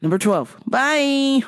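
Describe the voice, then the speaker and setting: A young adult woman hosting a podcast, telling a story in a profane, casual way and laughing loudly and often. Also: on the high side, clean tone. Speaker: podcast host.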